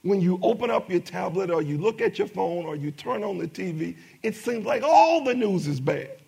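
A man's voice: high-pitched, lively intonation, moderate pace, vocal fry, darkish tone, slightly rough. A middle-aged man preaching a sermon as pastor, with emphatic rising bursts and many repetitions.

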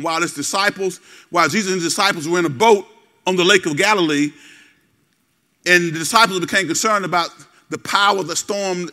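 A man preaching a call-and-response sermon, folksy and direct with the congregation, repeating words and building to shouts. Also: high-pitched. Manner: folksy, talks straight to the congregation. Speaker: pastor.

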